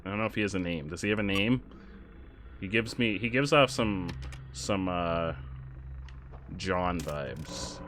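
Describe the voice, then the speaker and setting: A man streaming a game, chatting casually and loudly thanking donors with sudden excited outbursts. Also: measured pace, pauses often. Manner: excitable, shouts out thanks to donors with big jumps in pitch. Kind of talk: casual live-stream chat while gaming.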